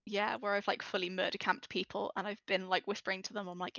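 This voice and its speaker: A woman chatting as a podcast guest, telling lively stories and acting out what people said. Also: mid-range voice, fast talker, gravelly, few pauses, no echo, lo-fi sound. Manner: lively storyteller who acts out quotes. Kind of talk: casual chat.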